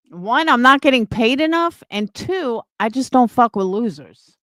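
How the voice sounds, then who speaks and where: A woman's voice: on the high side, lively intonation, unhurried, a bit bright, no room sound, clean studio sound. A young woman streamer giving a profane, scornful reaction rant on a livestream. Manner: angry, profane, scornful ranting.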